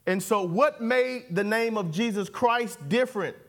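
A man's voice: sits high, unhurried, a bit bright. A man preaching a sermon, calling for responses and repeating key words. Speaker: pastor. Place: church sanctuary.

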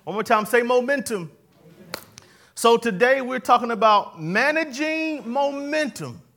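Man, high voice, preacher, sermon, call-and-response, jokey asides, church congregation. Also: lively intonation, a little slow, fairly bright tone. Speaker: pastor. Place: church before a live congregation.

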